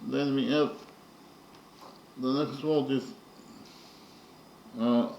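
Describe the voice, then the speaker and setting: A man teaching poetry in a slow, methodical lecture, counting syllables carefully and pausing often with fillers. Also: mid-range voice, fairly even intonation, gravelly, darkish tone, echoey room, highs cut off, a little hiss or hum.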